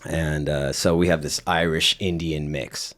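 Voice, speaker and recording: A man's voice: rumbling low, little pitch movement, unhurried, fairly bright tone. A young man from Las Vegas, a guest musician, telling rambling stories in casual interview chat, full of fillers. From Las Vegas, United States. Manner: rambling storytelling with many fillers and laughs.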